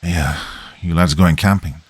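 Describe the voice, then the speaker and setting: A man voicing a worried man in his late fifties with a Liverpool accent, warning gravely in a story reading. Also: sits low, steady tone, moderate pace, no echo. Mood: friendly.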